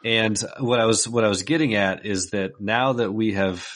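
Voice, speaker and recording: Low-voiced man chatting on a podcast. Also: normal speed, a bit bright. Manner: chatty, laughs often. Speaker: podcast co-host. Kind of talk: casual chat.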